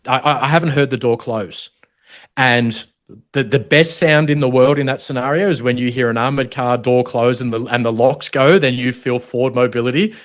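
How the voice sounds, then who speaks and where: A middle-aged Australian man, a former protection officer, telling stories in an interview in a blunt, matey way with swearing, choked up at times. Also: mid-range voice. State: choked up, holding back tears at times. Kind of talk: emotional storytelling interview.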